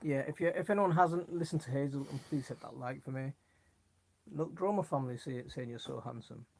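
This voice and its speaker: A man's voice: medium pitch, a little fast, creaky. Middle-aged man, live stream host, rambling chatty talk, reads viewer comments, gets sidetracked. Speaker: gardening livestream host. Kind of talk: casual live chat reading viewer comments.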